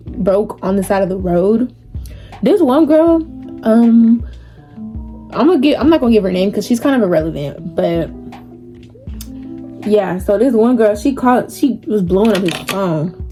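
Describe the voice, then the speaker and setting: Young woman, casual storytime, slangy, mellow tone. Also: medium pitch, lively intonation, moderate pace, soft background music. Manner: chatty, slangy, laughs often. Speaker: vlogger. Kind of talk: casual storytime while doing makeup.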